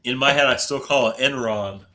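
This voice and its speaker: A man's voice: medium pitch, moderate pace, pushed and bright. A man from southern Indiana, casually chatting with his viewers as he plays a baseball game on stream, self-deprecating and talkative. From southern Indiana, USA. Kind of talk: casual live-stream commentary while gaming.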